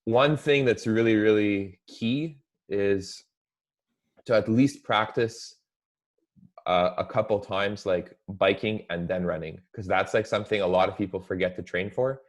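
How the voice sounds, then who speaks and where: A young man talking casually as a guest, relaxed and full of "like" fillers. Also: fairly low pitch, measured pace. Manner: relaxed, heavy use of "like" fillers. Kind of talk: casual chat.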